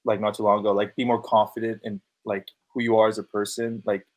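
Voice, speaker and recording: A man's voice: lowish voice, little pitch movement, fast. A man speaking as a podcast guest in loose casual talk, full of fillers and swearing. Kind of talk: casual chat.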